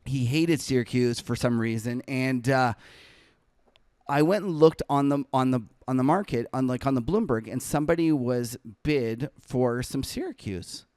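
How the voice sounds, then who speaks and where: Guy rambling thru a trading war story, lots of "like", smooth voice, dry close sound. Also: medium pitch, moderate pace, darkish tone, dry recording. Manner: rambling anecdote full of fillers and self-corrections; laughs while telling the story. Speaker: trader and podcast co-host. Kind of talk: casual storytelling.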